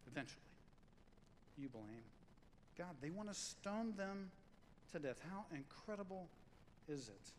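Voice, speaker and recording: A man preaching a sermon as pastor, in a conversational, animated way, acting out quotes and stories. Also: high voice, unhurried, long pauses, in a large hall, a little hiss or hum, low-quality recording.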